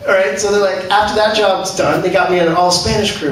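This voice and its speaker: A man's voice: high-pitched, steady tone. Canadian male stand-up, profane and brash; heavy room echo, audible crowd noise. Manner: brash, profane storytelling with quick asides. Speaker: stand-up comedian. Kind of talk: stand-up comedy set. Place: comedy club stage. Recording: echoey club, far from mic, audience noise. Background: audience laughter.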